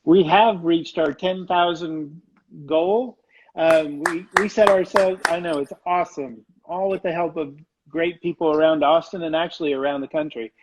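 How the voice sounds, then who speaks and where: A man's voice: a little high, steady tone, moderate pace, slight background noise, low-quality recording. A man who is a head baker, talking casually and plainly on a live video call. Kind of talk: casual live-stream chat.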